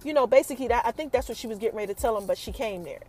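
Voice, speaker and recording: A woman casually recapping a TV episode for her viewers, chatty and animated, who keeps calling out to them. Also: a little high, rapid-fire.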